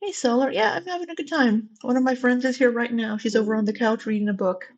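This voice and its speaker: A woman with a Southwest Missouri accent hosts a casual livestream, chatting candidly and greeting chat viewers by name. Her voice is fairly high with a darkish tone, she talks quickly, and the audio sounds dull.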